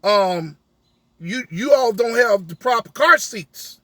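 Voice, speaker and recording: A man's voice: high-pitched, expressive, takes it slowly, fairly bright tone, dry recording. A man, a rideshare driver, telling a story as an emphatic rant, acting out an argument through many quoted lines.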